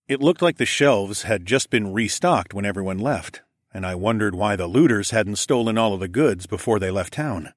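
Low-voiced male audiobook narrator. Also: moderate pace, dry recording, studio quality. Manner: steady, even storytelling. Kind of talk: first-person scripted narration.

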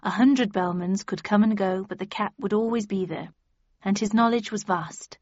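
A woman reading a first-person novel aloud in measured storytelling. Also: medium pitch, darkish tone, no echo, muffled recording. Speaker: audiobook narrator. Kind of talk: scripted first-person narration.

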